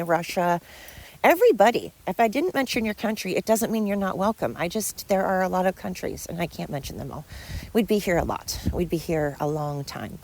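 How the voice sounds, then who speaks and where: A woman's voice: mid-range voice, a little mellow. A woman hosting a solo podcast, talking in a rambling, heated way, tired and stumbling over her words. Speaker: podcast host. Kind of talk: casual solo podcast monologue.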